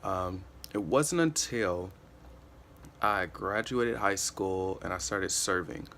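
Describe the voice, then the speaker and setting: A young man with a very low, deep voice talks earnestly in a relaxed motivational vlog. He circles back on his points and leans on "you know" as he goes. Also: slow pace, vocal fry, slight background noise. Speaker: motivational vlogger. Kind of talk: casual motivational monologue.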